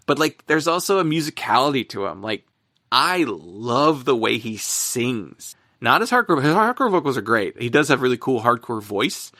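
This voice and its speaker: A man chatting casually on a podcast, rambling along with plenty of fillers and quick laughs. His voice sits at an ordinary middle pitch. The recording is dry and close, with no room sound. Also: pushed and bright, no echo. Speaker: podcast co-host. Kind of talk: casual music chat.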